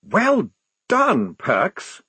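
A man's voice: high voice, huge pitch swings, very slow, pushed and bright, breathy edge, no echo, voice pushed up, exaggerated voice. A man voicing a fussy young male army lieutenant who wheezes with asthma and insists on giving orders. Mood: prim. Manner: prim, insistent officer's voice.

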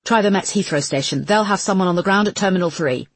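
A woman voicing a brisk woman police officer, speaking tersely and giving firm commands. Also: on the low side, no room sound.

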